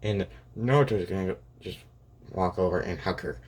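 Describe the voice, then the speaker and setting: A young man with a low-pitched, darkish voice improvises a fan story aloud at a moderate pace. He rambles, restarting often and dropping asides like "and he's like" and "and it's like."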